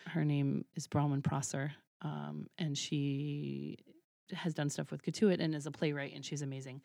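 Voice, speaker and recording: Lively woman telling a story, laughing. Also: deep voice, normal speed, vocal fry, no room sound, studio quality. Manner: animated, laughs often, acts out quoted dialogue. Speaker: podcast guest, burlesque troupe founder. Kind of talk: casual interview storytelling.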